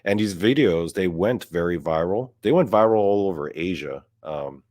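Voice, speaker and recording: A young man with a deep, low voice delivers a profane comedic rant. He swears freely and his voice climbs when he gets worked up. The recording is close and dry, with no room sound. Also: expressive, normal speed, dry recording. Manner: profane, gets louder and higher when outraged. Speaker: podcast host. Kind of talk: ranting comedic monologue.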